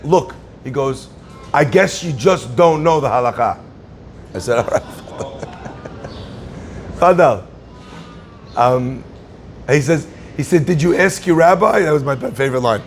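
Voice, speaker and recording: A man's voice: fairly high pitch, gravelly, slight background noise. A man, a rabbi, giving a Torah class in a conversational, storytelling way that acts out the people in his anecdotes.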